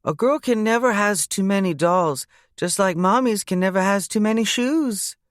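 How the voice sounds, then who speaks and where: A man voicing an excited little girl with a sing-song drawl. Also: high voice, normal speed, no echo, clean studio sound, voice pushed up, natural voice. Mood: chirpy.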